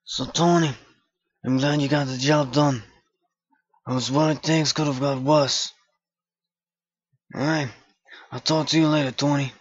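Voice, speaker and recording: A soft-spoken mob boss on the phone, as a man puts him on, his voice a bit raised and measured. The sound is dull and dry, like a cheap home mic. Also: a little high, fairly even intonation, dry recording, pitched above the performer's own voice. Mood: calm.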